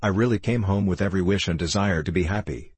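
Guy playing a gentle locksmith husband, pleading softly, low husky voice. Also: quick pace, no echo. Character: mild good-natured middle-aged locksmith husband.

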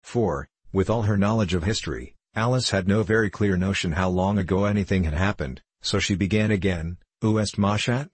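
A man reads a classic children's story aloud in a measured, even way. His low voice has a husky edge, and the recording sounds close and dry. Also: dry recording. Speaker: audiobook narrator. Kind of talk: storybook narration.

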